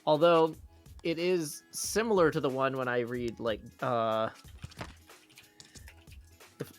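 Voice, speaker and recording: An easygoing man chatting casually on a live stream, with a wry, relaxed delivery. His pitch sits in a middle range. Quiet music plays in the background. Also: slow pace.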